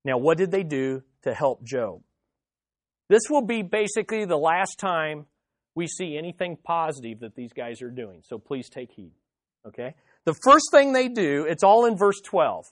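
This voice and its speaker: A man preaching a sermon as pastor, speaking directly to the listeners and emphatically repeating his key phrases, swinging between loud and hushed. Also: a little high, big pitch swings, moderate pace, no room sound, studio quality.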